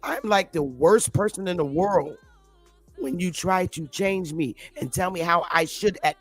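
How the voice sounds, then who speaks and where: A woman's voice: on the low side, animated, measured pace, faint music behind. A woman ranting in an unscripted opinion monologue, blunt and defiant, swearing heavily and repeating her points for emphasis. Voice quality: defiant, combative delivery. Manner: blunt, heavy profanity, emphatic repetition. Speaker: commentary vlogger.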